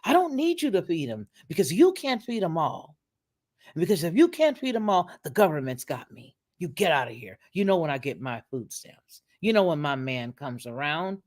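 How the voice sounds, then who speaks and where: A scornful young mother , put on by a woman commentator, waves off her child's father with curt, lively jumps in pitch. Her tone is sharp with contempt, all dismissal and no patience. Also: moderate pace. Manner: scornful, brushing someone off.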